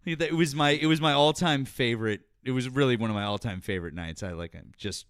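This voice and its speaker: A man's voice: mid-range voice, fast talker, fairly bright tone, no room sound, clean studio sound. A man hosting a casual political chat show, telling stories in a rambling way with many restarts. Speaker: podcast host.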